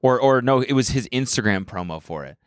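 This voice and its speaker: A man's voice: medium pitch, lively intonation, brisk, smooth, no room sound, clean studio sound. A man chatting casually on a podcast, laughing a lot and riffing with mock quotes. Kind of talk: casual chat.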